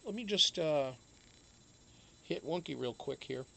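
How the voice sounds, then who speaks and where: A man's voice: on the high side, animated, unhurried, vocal fry, pushed and bright. A man hosting a casual live stream from home, rambling with lots of fillers and swearing freely. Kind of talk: casual chat.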